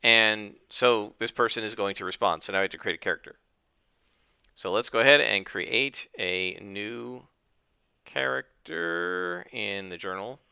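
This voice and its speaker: A man's voice: fairly low pitch, unhurried, gravelly, bright, forceful tone, clean tone, no room sound. A man narrating his solo tabletop game, thinking aloud with many fillers.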